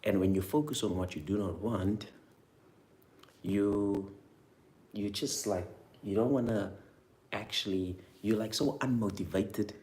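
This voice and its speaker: Deep-voiced man coaching a money mindset. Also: measured pace, pauses often. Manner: coaching, leads guided imagining with repeated prompts; energetic, emphatic interjections. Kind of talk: motivational guided talk to viewers.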